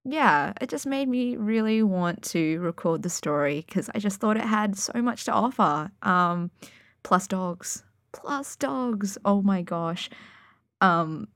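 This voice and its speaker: A woman's voice: medium pitch, no echo, clean studio sound. A woman recording a casual, enthusiastic afterword to her audiobook reading of a story, chatty and full of fillers. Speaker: podfic reader. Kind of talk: casual reader's afterword chat.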